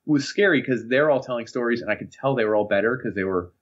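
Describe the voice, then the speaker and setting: A man's voice: mid-range voice, quick pace. A young man co-hosting a podcast in casual chat, acting out stories with quoted voices. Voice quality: husky, animated storyteller who acts out quotes in voices. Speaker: podcast co-host. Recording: dull lo-fi sound.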